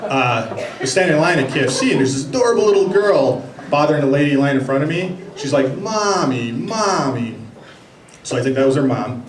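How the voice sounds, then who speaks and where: A man performing a stand-up comedy set with a dry, offhand delivery and pauses for punchlines. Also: a little high, animated, a crowd in the background. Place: comedy club stage. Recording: echoey club recording from a distance. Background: loud audience laughter.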